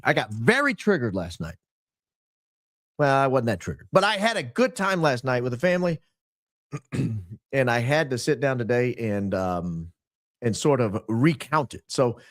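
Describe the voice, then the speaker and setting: A man hosting his podcast, clearing his throat often and nursing a dry, strained voice. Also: mid-range voice, no room sound. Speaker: podcast host. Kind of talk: casual show opening. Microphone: podcast microphone.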